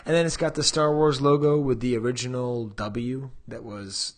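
A man's voice: mid-range voice, steady tone, normal speed. A man co-hosting a podcast in casual chat, joking and drifting off on tangents. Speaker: podcast co-host.

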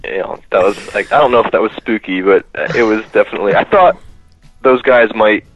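A man's voice: lowish voice, fast talker, dry recording, faint music behind, poor audio. A man guest on a podcast telling a story casually, laughing often and leaning on fillers.

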